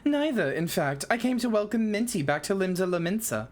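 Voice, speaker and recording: A woman's voice: mid-range voice, expressive, pitched above the performer's own voice, natural voice. Woman playing a stately naval commodore. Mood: formal. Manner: formal, stately, measured. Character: stiff formal naval commodore, a man. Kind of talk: dramatic game dialogue reading.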